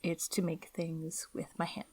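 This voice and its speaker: Lower-voiced woman artist, musing slowly. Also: monotone, darkish tone, breathy edge, dry recording. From United States. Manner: musing, hesitant, trails off while thinking. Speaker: guest artist. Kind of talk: casual interview chat.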